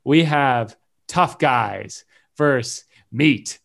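A man's voice: medium pitch, moderate pace. Playful man hosting a casual chat. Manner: playful, laughs at his own jokes. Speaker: podcast host.

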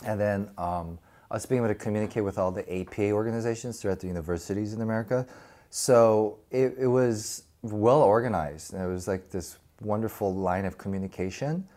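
A man's voice: lowish voice, a little fast, warm tone. A middle-aged man being interviewed, telling stories casually and animatedly, acting out voices and laughing often. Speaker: guest.

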